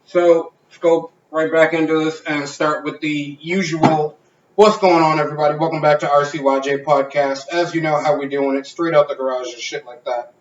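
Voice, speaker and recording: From his home garage, a man hosts a casual podcast, rambling loosely and swearing a lot. His voice is on the high side and steady, at a moderate pace, and the recording sounds roomy, distant and dull.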